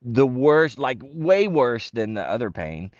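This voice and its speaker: A middle-aged man, a retired Marine, casually telling stories and acting out the voices of the people in them, with sudden jumps in pitch and laughter. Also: measured pace, no echo, muffled recording. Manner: animated, acts out quotes with big pitch jumps and laughs. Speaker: interview guest, retired Marine. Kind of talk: casual storytelling.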